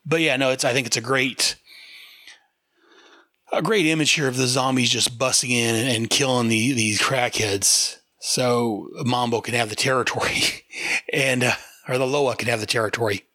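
A man's voice: medium pitch, fairly even intonation, moderate pace, pushed and bright, no echo, clean studio sound. A man hosting a podcast, chatting casually as he reviews a comic book and laughs often.

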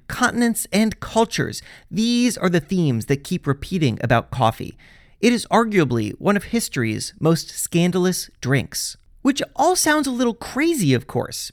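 Male podcast host; wry, animated scripted narration with light music under it. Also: sits high, no room sound. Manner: wry, jokey, animated storytelling.

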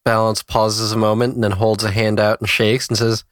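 A man talking as a player in a tabletop game, quick and wry. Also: fairly low pitch, flat delivery, dry recording, clean studio sound.

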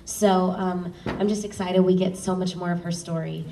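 A woman's voice: on the low side, fairly even intonation, normal speed, mellow. A woman who narrates audiobooks, chatting casually on a panel with many ums. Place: live event stage. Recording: roomy, distant mic, faint noise.

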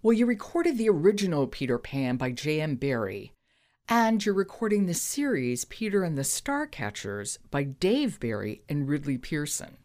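A woman's voice: low-pitched, big pitch swings, moderate pace, a little mellow. A woman interviewing an audiobook narrator and asking curious, appreciative questions.

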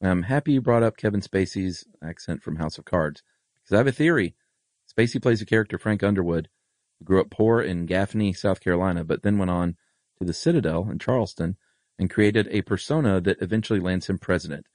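A man's voice: low voice, fairly quick, a little mellow, no room sound. A man co-hosting a podcast, laid-back, with short dry replies, also reading out listener mail. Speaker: podcast co-host.

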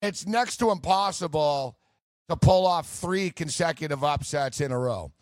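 A man's voice: fairly high pitch, normal speed, no echo. A man hosting a sports betting show, joking and bantering in casual chat.

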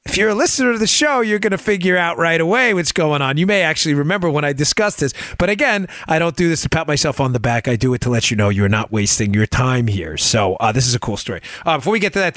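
A man hosts a talk show with energetic, joking banter and a fairly high voice. He talks to his listeners directly and with emphasis. His voice is recorded close and dry, with no room sound. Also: fast, few pauses, no room sound. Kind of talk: casual political talk show.

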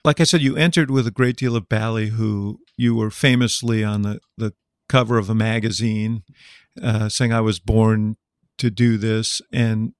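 A man hosting an interview, asking his questions in a measured, conversational way. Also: fairly low pitch, steady tone, clean tone, dry recording, studio quality. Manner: measured, conversational, brief backchannel replies. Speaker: interviewer, host.

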